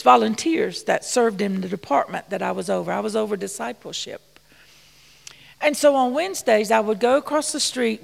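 A woman's voice: a little high, gravelly, long reverb tail. A woman preaching in a folksy, storytelling way, dropping at times to near-whispers. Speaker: church missions speaker. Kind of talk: storytelling sermon.

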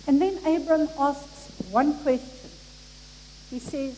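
A woman preaching a sermon, acting out the people in the story with expressive delivery. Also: high voice, slow. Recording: echoey hall with faint noise.

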